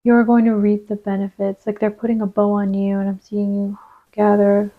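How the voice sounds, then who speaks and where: Soft-spoken woman giving a card reading. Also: mid-range voice, monotone, normal speed, narrow, tinny audio. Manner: gentle, reassuring, drifts into soft whispers while placing cards. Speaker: tarot reader.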